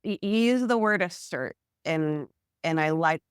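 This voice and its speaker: A woman speaking as a guest therapist in a casual podcast conversation, frank and animated, acting out everyday examples. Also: on the low side, measured pace, clear, resonant tone, no room sound, clean studio sound.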